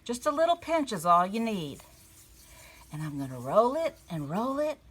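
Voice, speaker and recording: A woman giving a gentle storytelling lesson to young children at a table. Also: mid-range voice, sing-song, normal speed, husky. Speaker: children's church teacher. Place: indoors at a table.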